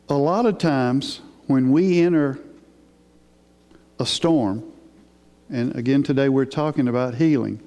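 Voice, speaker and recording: A man delivers a sermon in a mellow, relaxed voice, emphatic and unhurried, often putting questions to his listeners. His voice carries a long reverb from a large church hall. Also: medium pitch. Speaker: preacher.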